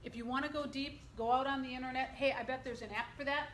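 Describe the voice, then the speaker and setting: A middle-aged woman giving an interactive workshop presentation, lively and quizzing her audience. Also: high-pitched, fast. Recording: echoey room, faint background noise.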